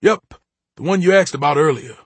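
A man reading an audiobook, voicing a gruff, guarded blind old grandfather with a terse, matter-of-fact drawl. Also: fairly high pitch, a little fast, dry recording, voice pushed up.

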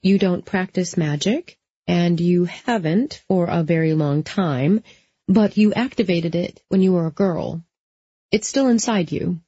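A woman voicing a sharp-tongued, sarcastic young woman in an audiobook. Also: on the low side, unhurried, breathy edge, dry recording. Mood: wry. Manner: sarcastic, snappy. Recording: slightly dull lo-fi.

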